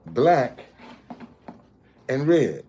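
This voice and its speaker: Slow-talking, earnest man. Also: mid-range voice, big pitch swings, dark tone, faint music behind. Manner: repetitive, checks in with viewers often; emphatic, explaining step by step. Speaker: street messenger and video host. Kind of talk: casual talk to viewers.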